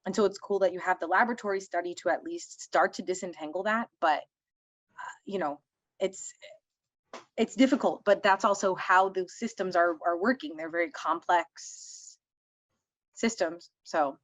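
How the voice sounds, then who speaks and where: Woman host with a lowish voice, relaxed and thoughtful, dry close sound. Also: moderate pace, no echo. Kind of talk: casual moderating of a talk series.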